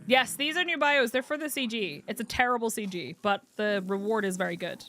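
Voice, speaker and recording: A woman's voice: on the high side, a little fast. Chatty, laughing woman streamer. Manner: chatty and candid, laughs often, animated storyteller. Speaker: game streamer. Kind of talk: casual chat while gaming live. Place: home streaming setup.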